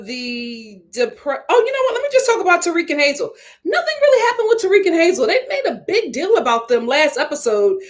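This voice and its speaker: A woman giving a casual, opinionated live review of a TV episode. She laughs often and acts out what people said. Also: high voice. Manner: chatty and opinionated, acts out quotes in voices; laughs often while talking. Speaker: TV show reviewer.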